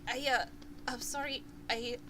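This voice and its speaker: A woman voicing a shy young dwarf boy who stammers softly and apologizes. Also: sits high, steady tone, unhurried, noisy background. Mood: timid.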